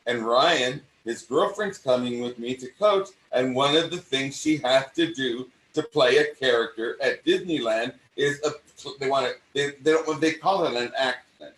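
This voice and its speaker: An older man with a mid-Atlantic accent, an acting coach hosting a conversation and talking in an animated way that often restarts and repeats phrases. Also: mid-range voice, normal speed, few pauses. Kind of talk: casual conversation. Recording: roomy sound from a distant mic.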